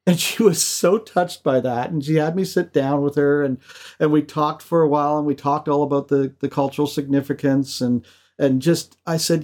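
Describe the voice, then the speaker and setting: An animated male podcast co-host who tells stories with frequent laughs. He restarts his sentences and chats casually. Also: a little high, brisk. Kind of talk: casual chat.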